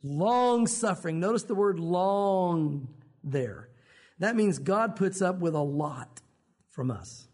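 A man preaching a sermon in a lively, conversational way, often acting out short quotes. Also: high-pitched, slow pace. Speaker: pastor.

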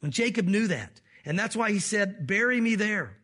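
A man's voice: high voice, expressive, moderate pace, bright, forceful tone. A pastor delivering a sermon to his congregation in an earnest, conversational preaching manner, speaking directly to his listeners. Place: church service.

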